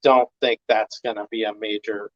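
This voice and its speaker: A man on a video call, giving relaxed, reassuring advice in a casual chat. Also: lowish voice, moderate pace, dry recording. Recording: dull dry video-call audio.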